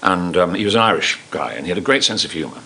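An older man telling stories from his life to an audience, halting and full of restarts. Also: sits low, lively intonation, bright, forceful tone. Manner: halting, full of restarts and ums, acts out quoted voices. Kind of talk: anecdotal storytelling.

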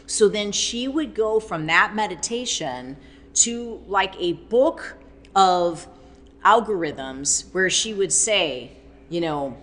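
A woman fitness trainer in a casual faith-based talk, animated and rambling, with many fillers and acted-out quotes. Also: mid-range voice, takes it slowly. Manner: animated, acts out quoted speech.

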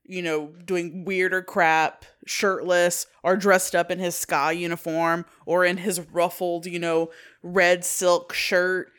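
A woman's voice: fairly low pitch, little pitch movement, slow, few pauses, a bit bright, smooth. Gushing young woman, casual podcast chat. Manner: enthusiastic, gushing, casual swearing. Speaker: podcast co-host.

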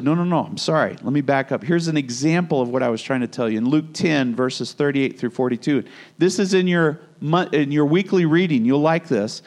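Male pastor, lively conversational sermon, fairly high voice, acts out the scenes.

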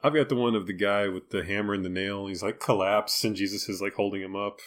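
A man's voice: on the low side, steady tone, fast talker, a bit bright. A man co-hosting a podcast in casual chat, joking in a dry bantering way. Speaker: podcast co-host.

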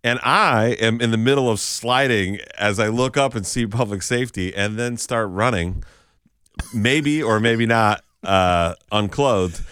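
A man, a comedian guest on a morning radio show, telling a story in a lively way, laughing often and acting out the voices of the people in it. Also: lowish voice, clean tone, no room sound, clean studio sound. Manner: animated, laughing, acts out voices in his stories.

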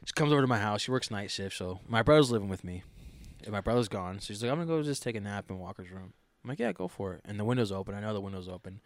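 A man telling stories on a casual podcast, his pitch leaping around as he acts out what people said. He swears freely and talks loosely. The sound is dry and close, with no room around it. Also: very fast, dry recording. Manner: animated storyteller who acts out voices, swears freely. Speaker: podcast co-host. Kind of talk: casual chat, storytelling.

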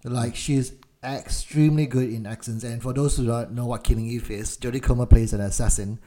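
A man with a Malaysian accent, co-hosting a casual film podcast, speaking slowly and deliberately. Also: medium pitch, fairly even intonation, warm tone. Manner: deliberately slowed, measured speech. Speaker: podcast co-host.

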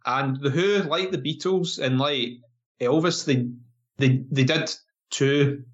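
A man's voice: mid-range voice, slow pace. A man co-hosting a podcast, chatting casually about films with many fillers and restarts. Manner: rambling, frequent fillers and restarts. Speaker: podcast co-host. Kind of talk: casual film review chat. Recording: dull lo-fi podcast audio.

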